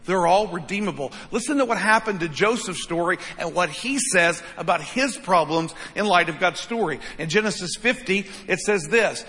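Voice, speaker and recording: A man's voice: high voice, lively intonation, normal speed, few pauses, pushed and bright. A man preaching a sermon as pastor, with an emphatic delivery that repeats phrases and keeps asking "right?". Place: church sanctuary. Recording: long reverb of a large hall.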